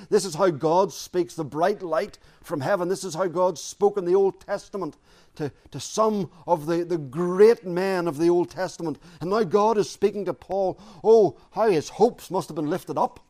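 A man preaching a sermon, earnest and deliberate, repeating key phrases for emphasis. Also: high voice, dark tone.

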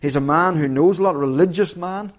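A man's voice: fairly high pitch, a little fast. A man preaching a sermon in an earnest, emphatic way, restarting phrases and hitting key words hard. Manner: earnest, emphatic, with frequent restarts and sudden loud stresses.

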